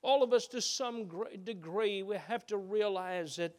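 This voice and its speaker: A man preaching a sermon, shifting between loud emphatic peaks and hushed low passages. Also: unhurried. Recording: reverberant hall.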